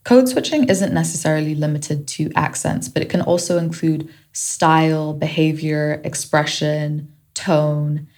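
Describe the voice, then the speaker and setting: A woman from Kenya whose accent shifts between Kenyan and British, hosting a solo podcast in a reflective, candid manner. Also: low voice. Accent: shifting mix of Kenyan and British. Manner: reflective and candid, warming to playful. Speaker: podcast host.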